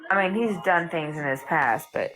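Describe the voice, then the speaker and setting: A woman hosting a live stream in casual chat, animated and emphatic, saying "dude" and "like" a lot. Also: fairly low pitch, moderate pace, soft background music, rough recording.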